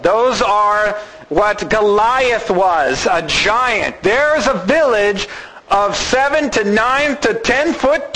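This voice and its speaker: A man preaching a sermon, reading scripture and explaining it in an animated way. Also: high-pitched, slight background noise, rough recording. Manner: animated, acts out characters.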